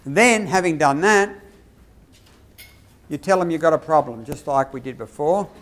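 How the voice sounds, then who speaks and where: Animated man leading a teacher workshop. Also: fairly high pitch, normal speed. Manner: lively, demonstrative, acts out dialogues. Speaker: lecturer on behaviour management.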